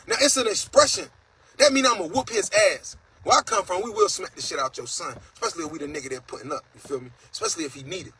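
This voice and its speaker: A man's voice: high voice, animated, fast talker, sharp tone, slight background noise, poor audio. A man hosting a casual livestream monologue, talking in a blunt, profane and preachy way, reading out viewer comments. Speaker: host.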